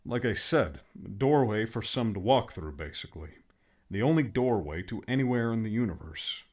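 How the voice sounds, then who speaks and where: A patient but fussy friend explains things and scolds mildly, as a man puts him on. The voice is a bit low and lively in its pitch. It comes from a one-narrator audiobook. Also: moderate pace. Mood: explaining.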